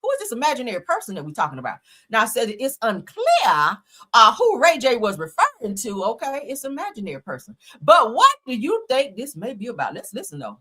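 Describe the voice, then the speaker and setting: A woman hosts a casual celebrity news show. She reads each story, then cuts in with sassy, profane, sarcastic commentary. Her voice sits fairly high, bright and forceful, and her pitch leaps around animatedly. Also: huge pitch swings, a little fast, husky. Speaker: host.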